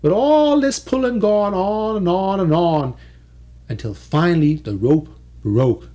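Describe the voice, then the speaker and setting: Male oral storyteller; dialect, rhythmic repetition, very animated. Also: high-pitched, a little slow. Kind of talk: oral folk-tale telling.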